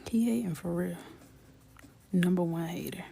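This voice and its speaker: A woman in her thirties chatting casually and jokingly while coloring on a livestream, often dropping into soft whispers. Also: on the low side, moderate pace, vocal fry, slight background noise.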